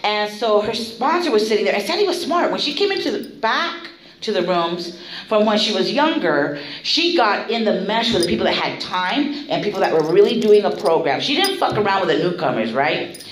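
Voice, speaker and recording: A woman's voice: mid-range voice, very animated, normal speed, roomy sound, low-quality recording. A middle-aged woman speaking at a recovery meeting, telling her story bluntly with plenty of swearing and laughter. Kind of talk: candid storytelling share.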